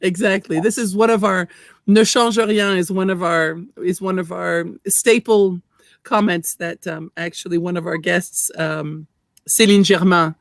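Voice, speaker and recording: A woman's voice: fairly low pitch, steady tone, a little slow, no room sound. Woman co-host, bubbly and effusive, stumbles and restarts, dry, close recording. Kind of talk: casual video interview.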